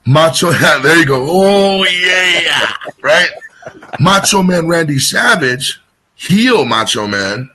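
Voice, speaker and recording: A man's voice: fairly high pitch, animated, slow, bright, forceful tone, slight background noise. A man being interviewed as a wrestling guest, telling a long story casually, rambling and getting sidetracked with many restarts.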